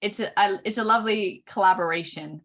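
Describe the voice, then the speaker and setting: A middle-aged woman giving a chart reading, explaining each point slowly with frequent pauses. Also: medium pitch, fairly bright tone. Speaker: Human Design reader.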